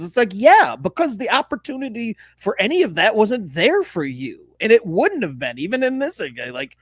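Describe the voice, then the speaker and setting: Podcast co-host, high male voice, dry close sound, fired-up and profane. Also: sing-song, moderate pace, hardly any pauses, fairly bright tone, no echo. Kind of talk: casual sports podcast rant.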